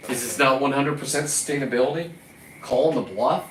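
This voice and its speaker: A man from California rants in a combative, profane vlog monologue, even scolding the lobsters in front of him. His voice sits at an ordinary pitch for a man. The mic is some way off, in a roomy space, with faint ambient noise behind him. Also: a little fast, distant mic. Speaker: recreational lobster fisherman.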